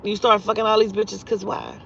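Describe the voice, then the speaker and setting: A woman vlogging casually to her viewers, blunt and profane, jumping between loud outbursts and low, muttered asides as she tells a story from a parked car. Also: level tone, fairly quick, creaky. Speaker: vlogger and spiritual reader. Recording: dull lo-fi sound with faint vehicle noise.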